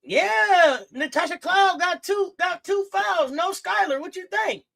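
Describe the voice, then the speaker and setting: Woman host for a sports watch-along stream, high-pitched, loud and slangy as she cheers on the players. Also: unhurried, vocal fry. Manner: hyped, slangy, shouts at players. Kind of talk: live game watch-along commentary.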